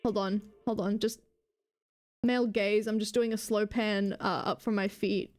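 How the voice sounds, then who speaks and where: A woman's voice: medium pitch, fairly even intonation, unhurried, a little mellow, faint music behind. A woman live streamer in casual, rambling chatter, swearing and mocking herself as she goes.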